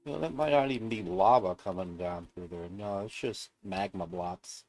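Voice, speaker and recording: A man's voice: sits low, normal speed, a little mellow, dry recording. A man streaming a game alone, narrating casually in a subdued, downbeat mutter to himself. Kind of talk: casual gameplay commentary.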